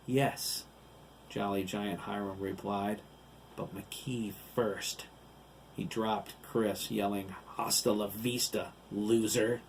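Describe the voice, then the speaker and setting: A man narrating his own novel as an audiobook, in steady, deliberate storytelling. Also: on the low side, a little hiss or hum.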